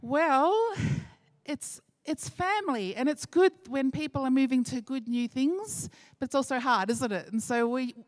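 Church service leader, woman, slightly high voice, dry close recording. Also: unhurried, no room sound. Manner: warm chatty, laughs often, restarts. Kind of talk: church announcements and prayer.

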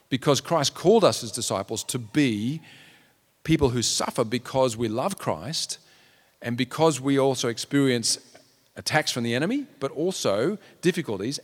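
Earnest preacher man in a reverberant hall. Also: mid-range voice. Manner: earnest, acts out quotes in raised voices. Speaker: pastor. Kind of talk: sermon.

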